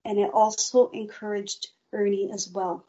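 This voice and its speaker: A woman's voice: mid-range voice, flat delivery, dark tone, dull audio. A woman guest earnestly telling a personal faith testimony in an interview. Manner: slow, earnest storytelling.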